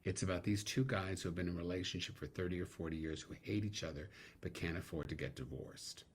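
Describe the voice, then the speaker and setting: A middle-aged man, a guest actor, telling animated stories in a casual interview, laughing now and then. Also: sits low, fast talker, slightly rough.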